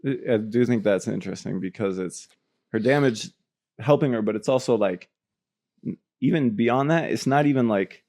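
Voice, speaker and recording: A man co-hosting a podcast in casual chat, telling stories in an animated, profane way. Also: mid-range voice, moderate pace. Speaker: podcast co-host.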